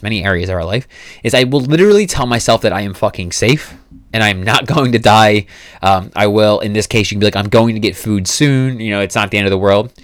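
A man's voice: fairly low pitch, no room sound, clean studio sound. A man hosting a solo podcast, giving casual, profane nutrition advice with fillers and restarts. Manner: casual, profane, self-coaching. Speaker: podcast host.

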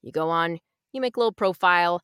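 Woman audiobook narrator, low voice, blunt and emphatic, dry close sound. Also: fairly bright tone, clean tone, no room sound. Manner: brisk, frank and emphatic with mild swearing. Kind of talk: casual interview advice.

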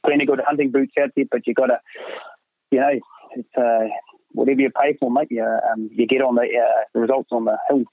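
A man's voice: mid-range voice, flat delivery, brisk, vocal fry, no room sound. A middle-aged man, a hunting guide talking casually as a podcast guest, full of fillers and "mate". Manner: rambling, many fillers, says "mate" often. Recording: tinny phone line, dry.

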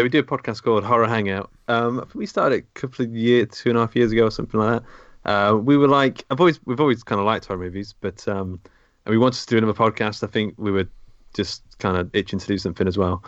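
A man with a lowish voice talks easily on a podcast, meandering through his thoughts. The sound is dry and slightly dull. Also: quick pace, no room sound. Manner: relaxed, rambling with fillers. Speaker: podcast co-host. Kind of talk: casual podcast chat.

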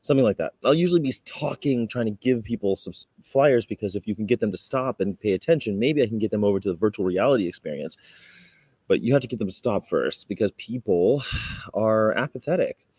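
A man's voice: lowish voice, lively intonation, fairly quick, darkish tone, slightly rough, dry recording. A man from California vlogging casually about his street activism, rambling and acting out his run-ins. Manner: rambling storyteller, acts out confrontations in raised voices. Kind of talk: casual talking-to-camera vlog.

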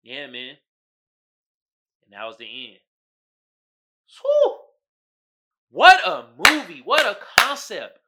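A man hosting a podcast, recapping a horror movie and reading memes in a casual, animated monologue, swearing freely and breaking into loud shouted impressions. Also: fairly high pitch, measured pace, pauses often. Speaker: podcast host.

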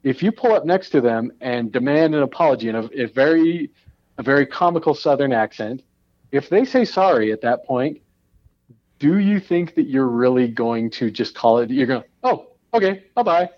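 A man in a casual chat, joking and halting, with lots of fillers and restarts. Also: medium pitch, expressive, dry recording. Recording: slightly dull dry sound.

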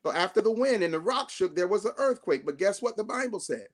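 A bishop preaches with a high voice and a Southern Black way of speaking. He builds phrases up to near shouts, then sinks into soft, slow repeats so his listeners answer him. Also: lively intonation. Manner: call-and-response preaching, rising to shouts then dropping to hushed tones. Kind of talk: sermon.

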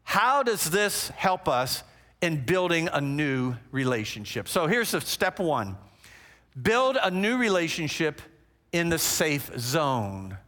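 A man giving a teaching talk on relationships, animated and conversational, with frequent asides to the audience. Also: fairly high pitch, slow pace.

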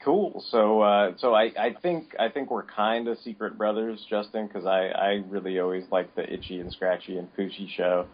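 A man's voice: fairly low pitch, steady tone, moderate pace, few pauses. A man co-hosting a podcast, chatting casually in a rambling way with many restarts. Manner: rambling, full of restarts and fillers. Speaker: podcast co-host. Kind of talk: casual chat. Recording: dull lo-fi audio.

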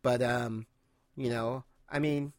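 A man's voice: mid-range voice, fairly even intonation, slow, dry recording, clean studio sound. A man hosting a casual podcast chat, speaking hesitantly and qualifying his points often. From not British. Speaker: podcast host.

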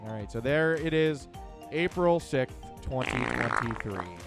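A man's voice: mid-range voice, unhurried, creaky, over loud music. Easygoing male co-host listing the day's holidays. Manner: relaxed, reads out lists. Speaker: podcast co-host. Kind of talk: casual chat.

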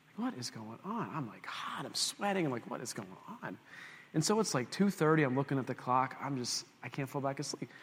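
A man's voice: fairly high pitch, a bit bright, big-room sound. A man preaching a conversational sermon, telling a self-mocking story with asides to the congregation. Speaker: pastor.

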